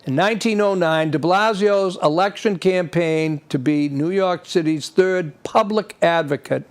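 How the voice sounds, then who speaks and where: A man hosting his own television show, talking straight to the viewer in a high, pointed voice. He builds an opinionated monologue and keeps firing off indignant rhetorical questions. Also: a little slow. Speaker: TV show host. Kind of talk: political commentary monologue.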